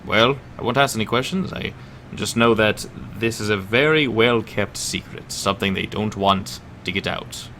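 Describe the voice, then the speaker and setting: Man putting on a low hushed voice, secretive cloaked stranger, measured, slow, tabletop game. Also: a little hiss or hum. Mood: hushed, guarded.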